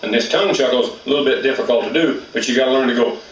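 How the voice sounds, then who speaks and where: A man's voice: medium pitch, rapid-fire, roomy sound, distant mic, rough recording. A man teaching elk calling in a plainspoken, folksy way, with rural grammar. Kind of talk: outdoor hunting instruction.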